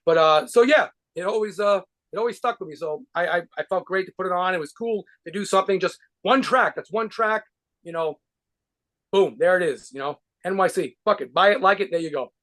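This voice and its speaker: New guy with a highish voice, rambling and cursing through a casual interview, lots of restarts. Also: fairly quick, fairly bright tone. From New York. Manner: rambling, profane, with frequent restarts and laughs. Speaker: guitarist and band leader being interviewed.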